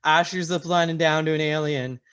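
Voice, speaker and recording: Casting: tabletop game player, mid pitch, eager, quick reactions. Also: steady tone, fairly bright tone, clean tone.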